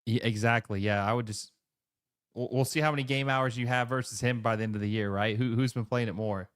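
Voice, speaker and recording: A man hosts a live football watch-along, calling each pass in quick excited bursts before slipping into easy chat with his viewers. His voice is smooth and clear, sitting close and dry on the mic with no room sound around it. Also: mid-range voice, dry recording. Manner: excitable play-by-play, chatty asides to viewers. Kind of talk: live match commentary and chat reading.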